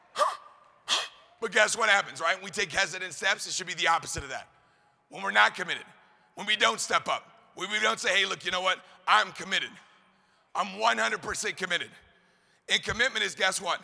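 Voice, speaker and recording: A man giving a fast-firing motivational speech to a live audience, pumping up the crowd with call-and-response questions and shouts. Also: high-pitched, vocal fry. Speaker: motivational speaker. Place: large event hall. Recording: hall reverb, live event.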